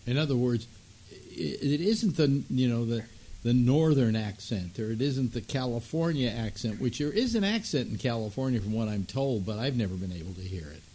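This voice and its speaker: A male radio talk host chatting in a relaxed, rambling way, full of "uh"s and restarts. His voice moves around a lot in pitch, from a middle-of-the-range base. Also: normal speed. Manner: rambling and conversational with many fillers. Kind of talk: casual chat.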